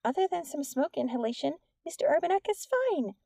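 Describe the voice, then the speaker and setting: A woman voicing a fussy, kindly female schoolteacher in a high, fluttery, solicitous tone. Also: very animated, brisk, creaky, warm tone, dry recording, clean studio sound, heavily acted. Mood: concerned.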